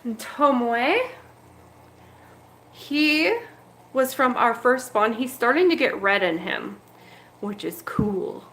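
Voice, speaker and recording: Slow-talking woman cooing over her fish. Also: on the high side, lively intonation, fairly bright tone. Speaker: betta fish breeder and channel host. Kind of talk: casual livestream chat. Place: home fish room. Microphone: handheld camera moved around the room.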